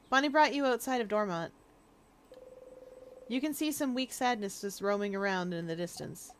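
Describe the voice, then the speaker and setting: A woman streamer reading game narration aloud in a calm, quiet manner. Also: medium pitch, normal speed, pauses often, a little hiss or hum. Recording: faint game music underneath.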